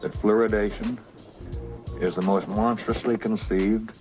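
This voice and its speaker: An actor playing a paranoid, grim middle-aged officer, speaking gravely and intensely in a film clip. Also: male voice, on the low side, steady tone, unhurried, natural voice. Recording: film clip with music underneath.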